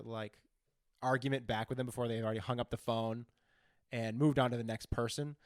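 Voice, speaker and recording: A man co-hosting a podcast, ranting in casual comic chat with heavy profanity, jumping from loud outbursts to low mutters. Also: dry recording, studio quality. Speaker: podcast co-host.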